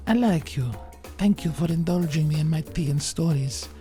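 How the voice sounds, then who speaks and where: A man voicing an older mother of a huntress, cooing in a high, slow falsetto. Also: dark tone, natural voice. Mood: warm. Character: older Russian mother of a huntress, doting, grim. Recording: music playing behind.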